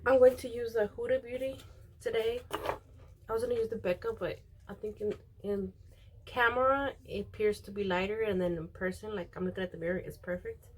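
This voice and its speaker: A woman's voice: medium pitch, brisk, a little hiss or hum. Woman chatting casually while doing her makeup. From Mexican. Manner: rambling, many fillers, quotes others. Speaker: beauty vlogger.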